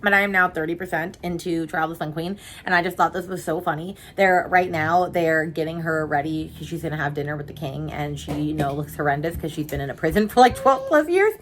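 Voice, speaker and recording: A woman's voice: low-pitched, fairly quick, hardly any pauses, a little hiss or hum. A woman, chatting casually at home in a book vlog, rambling and full of slang. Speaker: book vlogger.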